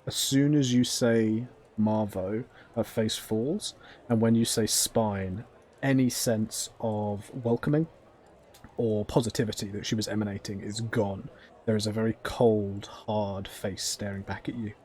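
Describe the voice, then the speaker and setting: A man's voice: on the low side, fairly even intonation, a little slow, darkish tone, a little hiss or hum. A man narrating a tabletop game as game master, descriptive and hesitant with frequent ums.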